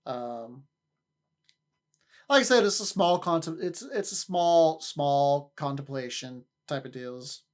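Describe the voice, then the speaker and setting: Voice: mid-range voice, expressive, slow pace. A livestreamer in casual chat with viewers, rambling, often repeating and restarting words, and laughing easily.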